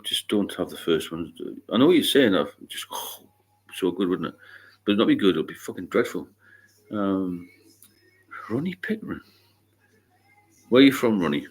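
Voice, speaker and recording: A middle-aged Englishman with a deep voice hosts a casual livestream chat, speaking bluntly, swearing freely, and wandering off into anecdotes.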